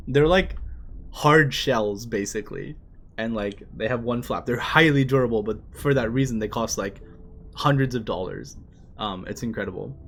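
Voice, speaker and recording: Chatty male streamer reading manga aloud. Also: medium pitch. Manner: laughs often, mixes Japanese lines with quick English translations.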